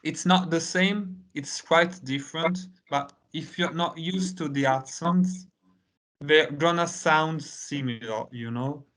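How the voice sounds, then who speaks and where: A man whose first language is Italian, teaching an English lesson in a relaxed conversational way with lots of fillers. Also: on the high side. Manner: unhurried, many "you know" fillers.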